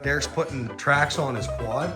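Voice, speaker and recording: A man's voice: medium pitch, normal speed, music in the background. A man, vlogging about his car work in a rowdy, swearing, joking way, tired after a long week. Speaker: vlogger and mechanic. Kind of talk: casual vlog chat.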